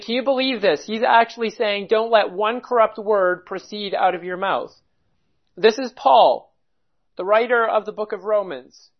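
Methodical expository preacher who unpacks the text word by word, poses rhetorical questions, mid-pitched voice, muffled lo-fi sound. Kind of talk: expository Bible teaching sermon.

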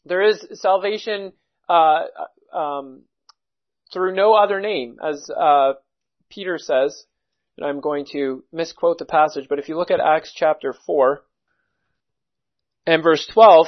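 A man preaching a sermon, teaching at a measured pace and reading scripture passages aloud. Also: sits high, highs cut off.

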